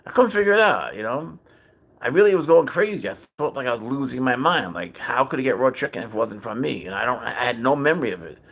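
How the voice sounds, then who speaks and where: A man with a gravelly voice at a middle pitch hosts a casual livestream. He tells a long story in a loose, rambling way, swearing often and breaking off to greet viewers in the chat. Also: expressive, fast. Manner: rambling, profane, chatty with viewers. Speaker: livestream host and cat owner.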